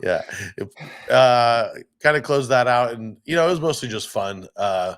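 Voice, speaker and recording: A man's voice: medium pitch, lively intonation, moderate pace. A man co-hosting a podcast, a DJ telling rambling gig stories in casual chat, swearing and acting out the people he quotes. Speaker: podcast co-host, DJ.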